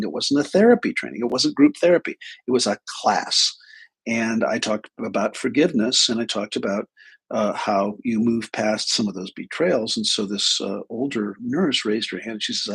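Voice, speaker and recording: Male trainer, low husky rasp, relaxed flippant storyteller. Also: moderate pace, low-quality recording. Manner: flippant and irreverent. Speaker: speaker and trainer. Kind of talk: casual live talk with storytelling.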